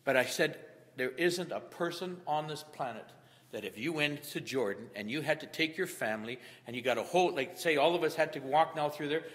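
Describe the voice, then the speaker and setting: A middle-aged man preaching a sermon as pastor, rising to loud emphatic peaks in an echoing church hall. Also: mid-range voice. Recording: long hall reverb.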